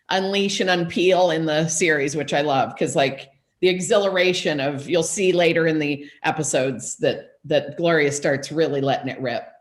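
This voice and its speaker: An actress chatting as a talk show guest, playful and animated. Her voice sits somewhat low for a woman. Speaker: guest actor. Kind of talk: casual interview chat.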